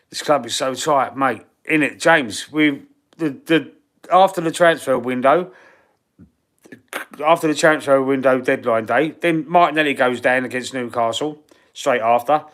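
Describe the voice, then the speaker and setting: A man from East London with a Cockney accent and husky, wheezy breathing, hosting a casual live-stream Q&A in a blunt, slangy way. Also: mid-range voice, a bit bright. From East London, England. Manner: blunt, slangy and chatty, calling viewers bro and mate. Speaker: fan channel live streamer.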